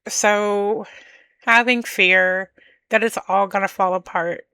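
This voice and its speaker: A woman hosting a podcast, talking candidly and emotionally about her own feelings in a slow, searching monologue. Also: medium pitch, steady tone, sharp tone, smooth, dry recording. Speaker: podcast host. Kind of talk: personal reflective monologue.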